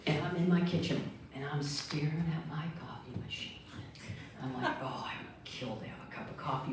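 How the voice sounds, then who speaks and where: A middle-aged woman from Michigan, speaking as a guest speaker to a group, telling a personal story in a lively, animated way and acting out the quotes. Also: sits low, a little hiss or hum. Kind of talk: storytelling talk. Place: meeting room. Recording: echoey room, distant mic.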